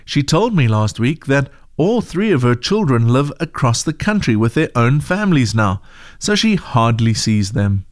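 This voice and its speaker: A man voicing a gentle, patient churchgoing mother in a storybook reading, calm and encouraging. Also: medium pitch, normal speed, no echo, clean studio sound, close to an everyday voice.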